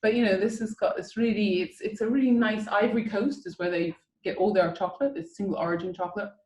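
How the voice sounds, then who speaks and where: A woman leads a tasting over a video call, talking in a chatty, eager way and coaching her listeners through each step. Her voice sits at a middling pitch. The sound has a noticeable roomy echo. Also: steady tone, fast, a little mellow. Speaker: whisky tasting host.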